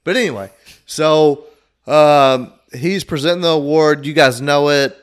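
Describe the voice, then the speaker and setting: A man's voice: on the high side, measured pace, clean tone. A young man hosting a casual podcast, talking loosely and swearing freely. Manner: swearing, loud mock-announcer intro. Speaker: podcast host.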